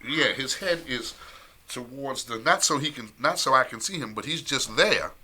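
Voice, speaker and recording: A man telling a long story in casual chat on a live stream, animated, repeating phrases and laughing often. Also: medium pitch, normal speed.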